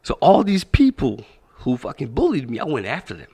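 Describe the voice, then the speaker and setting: A man with a mid-range voice tells stories as a podcast guest, his pitch swinging widely as he goes. He talks in a loose, profane, animated way. He often slips into the voices of the people in his story. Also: a little fast, creaky, husky. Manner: animated, profane, acts out quoted speech. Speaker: podcast guest, boxing coach. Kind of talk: casual interview storytelling.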